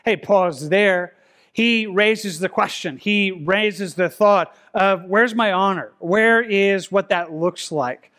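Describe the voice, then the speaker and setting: A man preaching a verse-by-verse sermon in a conversational way, often repeating words and slowing down to read scripture. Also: high voice, fairly bright tone. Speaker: pastor. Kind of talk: expository sermon. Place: church sanctuary.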